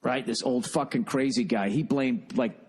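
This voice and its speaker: A middle-aged man with a Boston accent rants alone on his podcast. He talks in loose, profane tangents and keeps mocking himself. His voice sits at an everyday middle pitch. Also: normal speed, a little mellow, slightly rough. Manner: profane, rambling, self-mocking. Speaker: podcast host. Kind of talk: casual solo podcast rant.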